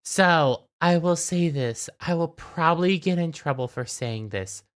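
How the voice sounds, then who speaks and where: A young man with a fairly high voice and lively intonation speaks a little slowly as he hosts a YouTube channel. His casual rant commentary is sarcastic and mocking, and he often repeats words when starting a sentence.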